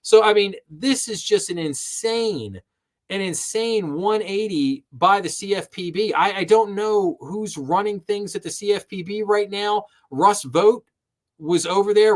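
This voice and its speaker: Fired-up man ranting on finance news. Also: high voice. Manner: impassioned, sarcastic, repeats words when worked up. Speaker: host. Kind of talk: live-stream financial commentary.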